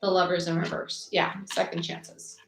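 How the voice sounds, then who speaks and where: Chatty tarot reader, low and echoey. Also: female voice, flat delivery, gravelly, fairly bright tone. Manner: chatty, quick, lists cards aloud. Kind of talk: live tarot reading. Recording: echoey room with faint noise.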